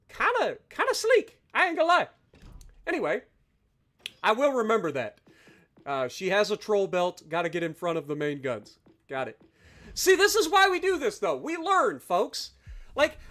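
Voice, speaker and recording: A man live-streaming a game, talking to his chat and thanking donors with loud, exaggerated reactions. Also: sits high.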